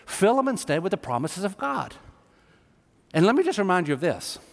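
A man's voice: sits high, sing-song, normal speed, creaky. A man preaching a sermon to a congregation, talking in an emphatic, conversational way. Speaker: pastor. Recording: long hall reverb, live sermon.

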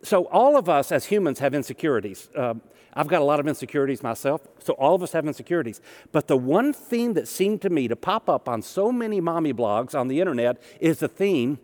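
Male minister, fairly high voice, relaxed storytelling sermon, reverberant hall. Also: fairly quick. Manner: storytelling, conversational with humor.

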